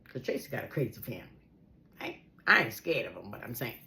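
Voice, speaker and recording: Low-voiced woman telling a lively story. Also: quick pace, creaky, a little hiss or hum. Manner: animated, acts out the people she quotes. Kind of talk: personal storytelling.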